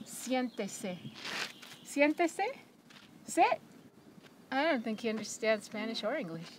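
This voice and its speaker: A woman's voice: fairly high pitch, sing-song, takes it slowly, noisy background. A woman filmmaker chatting on camera, coaxing dogs in a gushing sing-song and talking about her crowdfunding campaign. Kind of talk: casual on-camera chat.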